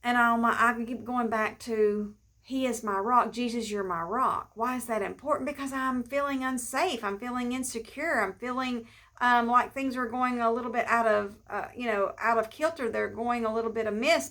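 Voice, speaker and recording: A middle-aged woman gives an informal devotional teaching in a relaxed, conversational way. Her voice sits a little high and sounds bright and clear, and she often repeats key phrases for emphasis, with a few ums along the way. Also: moderate pace. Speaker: pastor's wife giving a devotional.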